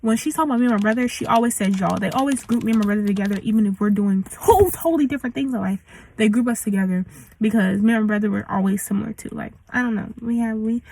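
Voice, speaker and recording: A woman's voice: a little high, fast, gravelly, a little mellow, slightly rough, rough recording. A young woman in her late teens venting in a casual storytime rant, slangy and full of likes. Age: young adult. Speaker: vlogger.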